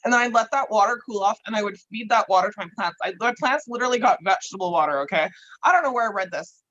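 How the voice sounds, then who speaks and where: A woman's voice: mid-range voice, expressive, fast talker, a bit bright. Casual woman podcast guest, chatty, laughs often, swears freely, dull lo-fi audio. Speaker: guest grower.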